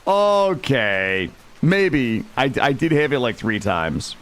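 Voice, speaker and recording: A man streaming a game live, excitable, swearing and talking to his chat. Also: mid-range voice, takes it slowly. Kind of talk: live gameplay commentary.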